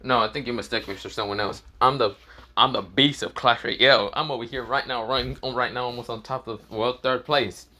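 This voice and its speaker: A man's voice: mid-range voice, a little fast. A man reading as Issei, bored and foul-mouthed. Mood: dismissive. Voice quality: flat, dismissive, swears a lot.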